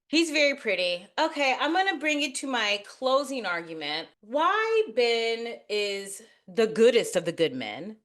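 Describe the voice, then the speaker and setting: A woman's voice: fairly high pitch, huge pitch swings, a little slow, hardly any pauses, a bit bright. A woman co-hosting a casual podcast debate, talking in a bold, frank, joking way. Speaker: co-host.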